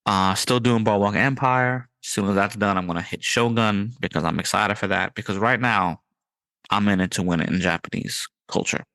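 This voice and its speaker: A man hosting a podcast in casual chat, excited and riffing, with his voice jumping up on punchlines. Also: lowish voice, normal speed, no room sound. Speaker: podcast host.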